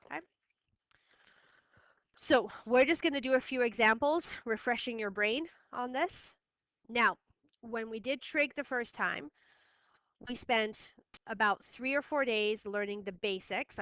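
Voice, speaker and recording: Woman math teacher, bright clear voice, dry close sound, firm and repetitive. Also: on the high side, measured pace, no room sound. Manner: firm, repeats key steps. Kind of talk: classroom lesson recording.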